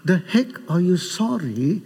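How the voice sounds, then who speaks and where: Speaking slowly in a high, slightly rough voice, a middle-aged guest preacher from India delivers a sermon in a church sanctuary. Animated and joking with the congregation, he acts out quoted voices, and the sound carries through a large reverberant hall.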